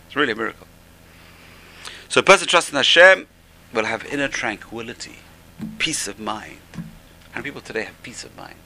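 A man's voice: medium pitch, sing-song, normal speed, creaky, pauses often, bright, forceful tone, slight background noise, rough recording. A man teaching an informal religious class, enthusiastic and repeating how amazing things are. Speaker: Torah teacher.

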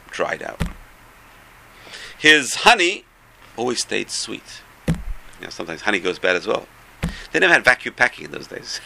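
A man giving a storytelling Torah talk, animated, swinging between loud bursts and soft asides, with a gravelly voice. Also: mid-range voice.

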